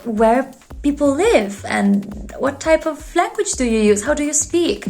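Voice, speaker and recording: A woman's voice: high-pitched, expressive, unhurried, creaky, darkish tone, faint music behind. A young woman, a native speaker of Italian and Polish with a light Italian accent leaning British, giving a frank, opinionated vlog-style lesson as an English teacher.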